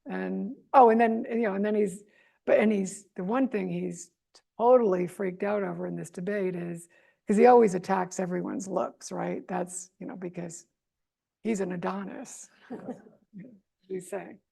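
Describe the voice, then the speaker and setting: A woman from the United States answering as an interview guest, talking in an animated, sarcastic way with lots of asides. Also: medium pitch, normal speed, gravelly.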